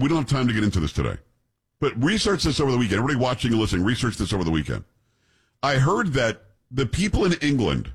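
A man's voice: mid-range voice, slightly rough. A man hosting a talk radio show, chatting casually and opinionated, speaking straight to his listeners. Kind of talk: casual studio banter.

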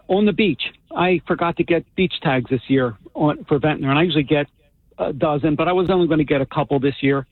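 A man's voice: on the high side, dry recording. A man calling in to a radio show, chatting in a friendly way and telling a story. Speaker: caller. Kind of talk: phone-in chat. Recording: tinny phone line.

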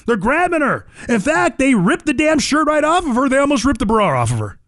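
A male radio talk show host with a high voice, talking in a blunt, combative, folksy way to his listeners. His voice is dry and close on a studio mic. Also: very animated, fairly quick, fairly bright tone, no echo. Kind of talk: opinionated call-in radio monologue.

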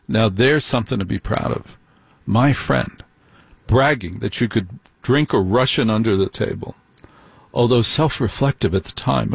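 A man's voice: medium pitch, vocal fry, husky, no echo. A man giving sarcastic celebrity gossip commentary as a host, with mocking, scornful asides.

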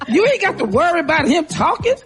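A woman's voice: very high voice, very animated, quick pace. A woman co-hosting a radio show, giving brash, teasing comic advice and acting out quotes. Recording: music bed behind the voice.

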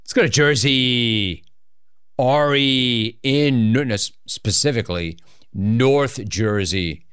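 A man hosting a call-in radio show, bantering and teasing callers in a joking, animated way. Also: medium pitch, slow pace, clean tone, no echo, clean studio sound. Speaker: sports radio host.

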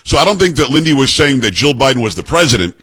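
A husky-voiced man hosts call-in radio from a dry, close studio. He is emphatic and opinionated, pressing his own views hard on his callers. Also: medium pitch, sing-song, fast, fairly bright tone, no echo. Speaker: radio talk show host.

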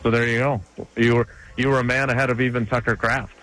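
A man's voice: mid-range voice, little pitch movement, fast talker, fairly bright tone, poor audio. A man co-hosting a casual sports talk show, giving chatty, emphatic analysis with frequent restarts.

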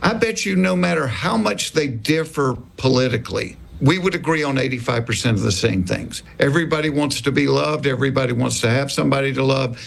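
A man in his sixties with a Southern US accent, a comedian telling animated stories in a casual interview and acting out the voices of the people he quotes. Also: mid-range voice, fairly quick, creaky, hardly any pauses. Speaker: comedian guest.

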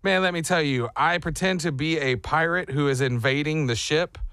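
A man's voice: fairly high pitch, normal speed, vocal fry, smooth, no echo, studio quality. A man in his thirties telling a story in casual chat as a show co-host, acting out the voices. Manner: animated, acts out voices in his stories.

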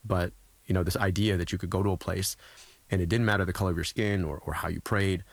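A man's voice: sits low, steady tone, fast, creaky, dry recording. A man in his thirties, a guest telling earnest, reflective stories in conversation, often restarting his sentences. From United States. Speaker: guest, former political candidate.

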